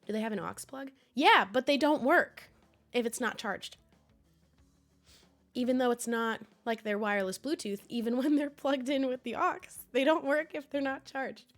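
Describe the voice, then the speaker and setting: A young woman streaming from home, chatting casually with viewers in a rambling, laughing way. She is hoarse, sniffly and coughing from a cold. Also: high-pitched, normal speed, soft background music.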